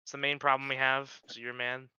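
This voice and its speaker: A man chatting jokingly as a podcast guest, trailing off softly at the ends of his thoughts. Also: medium pitch, monotone, quick pace, a little hiss or hum. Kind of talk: casual chat. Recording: dull lo-fi mic.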